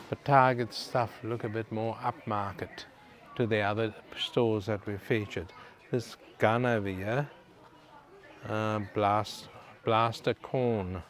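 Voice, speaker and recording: An Australian man casually walking through a department store, chatting to viewers and reading out prices. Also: on the low side. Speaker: vlogger. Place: indoor department store in a shopping centre.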